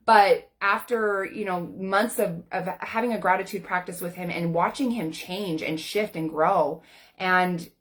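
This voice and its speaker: A woman's voice: lowish voice, steady tone, unhurried, fairly bright tone. A woman in her forties, a life coach, talking candidly to camera in a casual, earnest way with plenty of everyday fillers. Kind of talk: personal talk to camera.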